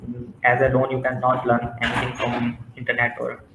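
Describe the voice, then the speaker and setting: Hesitant man with a flat voice, echoey room. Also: mid-range voice. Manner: hesitant, halting, many fillers. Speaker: interview guest. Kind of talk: casual interview. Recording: echoey room with faint noise.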